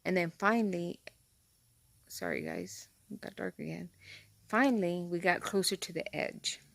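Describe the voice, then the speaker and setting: A woman vlogger telling a story straight to her viewers from inside a car, rambling and excitable. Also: fairly low pitch, a little slow, creaky, dry recording. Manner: talks straight to viewers, rambling and excitable, says "freaking" a lot. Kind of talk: casual chatty storytelling to camera.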